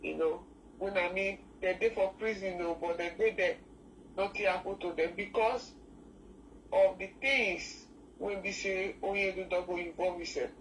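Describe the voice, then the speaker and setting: A woman's voice: mid-range voice, fairly even intonation. A Nigerian woman calls in to a talk show, her voice sounding distant from the mic. She speaks with feeling and often stops and restarts her sentences. A faint noise runs under the call. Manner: emotional, halting, many restarts. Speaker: caller. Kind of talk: call-in discussion, mixing English and Pidgin.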